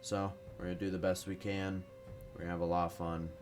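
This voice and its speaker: A man's voice: low voice, flat delivery, fast, music in the background. A man giving casual, rambling, profane commentary while playing a strategy game, a bit tired and fumbling for words. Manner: rambling, profane, self-deprecating. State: tired, no morning caffeine. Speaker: gaming commentator.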